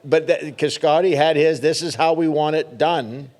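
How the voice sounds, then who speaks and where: A man's voice: fairly high pitch, darkish tone. Easygoing middle-aged male podcast guest. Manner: easygoing, halting, repeats words as he starts. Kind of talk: casual chat.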